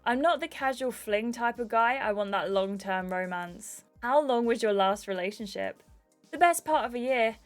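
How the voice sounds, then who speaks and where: A woman's voice: a little high, moderate pace, soft background music, close to an everyday voice. A woman reading aloud as an earnest, romantic young man, in a sincere tone.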